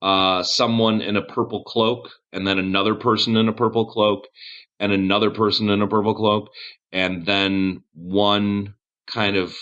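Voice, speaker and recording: A man's voice: on the low side, flat delivery, moderate pace, fairly bright tone, lo-fi sound. A man narrating as game master of a tabletop game, casual and swearing, laughing often.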